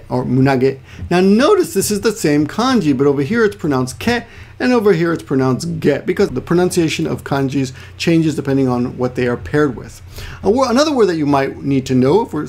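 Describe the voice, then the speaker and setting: A man's voice: fairly high pitch, creaky, a little mellow. A man giving a chatty, rambling language lesson, often restarting and adding asides. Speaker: Japanese language teacher. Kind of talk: casual explanatory lesson.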